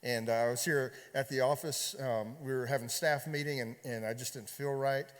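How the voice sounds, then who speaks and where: A man preaching as a pastor, telling a personal story in a conversational, halting way with many fillers and repeated words. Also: mid-range voice, steady tone. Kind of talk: sermon storytelling. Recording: long hall reverb.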